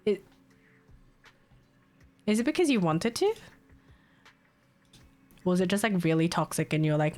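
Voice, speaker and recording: A young woman streaming live, chatting casually and telling stories in an animated, exasperated way. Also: on the low side, a little slow, long pauses, soft background music. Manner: chatty, animated storytelling with laughs and exasperated asides. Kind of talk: casual chat.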